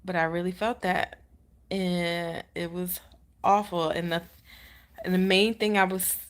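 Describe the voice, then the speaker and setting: A woman's voice: level tone, unhurried. A woman in her thirties, casually telling a personal story on a vlog, full of "like" fillers and quoting others as she goes. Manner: chatty, many "like" fillers, acts out the nurse in quotes. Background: baby sleeping nearby, she lowers her voice.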